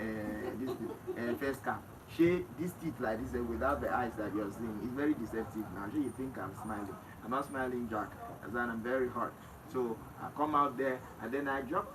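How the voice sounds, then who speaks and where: A man with a Nigerian accent, talking emphatically in a casual interview, often laughing and swinging between loud outbursts and hushed remarks. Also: medium pitch. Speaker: interview guest. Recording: distant mic with noisy background.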